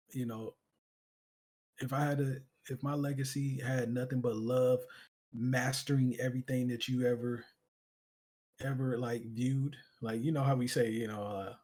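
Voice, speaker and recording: A man's voice: mid-range voice, darkish tone. Earnest man talking from the heart. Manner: earnest, reflective, full of "you know" fillers. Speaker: streamer, guest. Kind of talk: casual heartfelt conversation.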